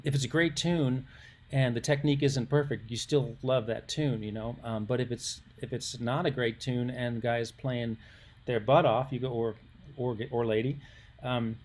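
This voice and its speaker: Man in his sixties telling rambling stories. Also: medium pitch. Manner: rambling, self-interrupting anecdotes with acted quotes. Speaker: musician guest. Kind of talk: casual storytelling interview.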